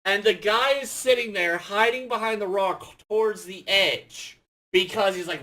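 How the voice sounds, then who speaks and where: A young man with a high voice tells gaming stories in a loose, rambling vlog style. His tone is bright and sharp, and he swears freely and corrects himself. When the story gets exciting he turns loud and laughs. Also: normal speed. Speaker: gaming vlogger. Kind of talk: casual storytelling.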